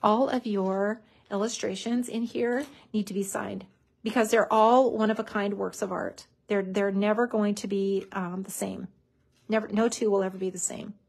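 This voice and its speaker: A woman's voice: medium pitch, fairly even intonation, moderate pace, gravelly, darkish tone. A woman hosting a crafting tutorial, chatting enthusiastically as she glues and layers papers. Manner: chatty, enthusiastic, lots of "so cute". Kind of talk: casual crafting demonstration.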